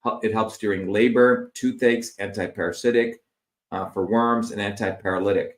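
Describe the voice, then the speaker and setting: A middle-aged man explains a slide presentation, working through long lists of terms with filler words. His voice sits on the lower side. The sound carries a roomy echo. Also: fairly even intonation, normal speed. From India. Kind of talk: explanatory lecture over slides.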